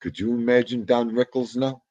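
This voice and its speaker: A man hosts a loose livestream chat, rambling from one thought to the next and reading out viewer comments. His voice sits in a mid range and now and then jumps into loud exclamations. The recording is dull and dry, like home stream audio. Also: medium pitch, level tone, normal speed, no echo.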